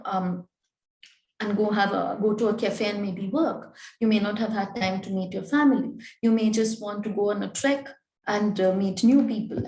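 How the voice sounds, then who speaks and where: A woman's voice: on the high side, darkish tone, reverberant, low-quality recording. A woman giving an instructive webinar talk, explaining step by step and acting out example phrases. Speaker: webinar presenter.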